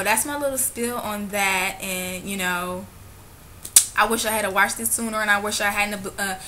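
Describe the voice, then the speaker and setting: A woman talking straight to camera in a casual vlog, gushing and excitable, drifting into preachy church talk. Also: medium pitch, a little hiss or hum. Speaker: vlogger.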